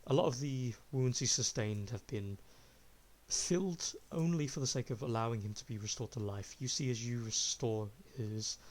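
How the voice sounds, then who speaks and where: A man's voice: mid-range voice, normal speed. A man narrating a tabletop game as game master, in a casual, descriptive way. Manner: casual, descriptive, laughs often.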